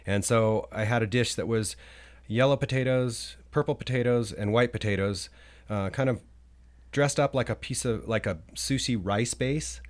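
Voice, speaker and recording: At a normal speed and with a mid-range voice, a man appears as a podcast guest, chatting casually and loosely about his travels while filling the talk with fillers and restarts.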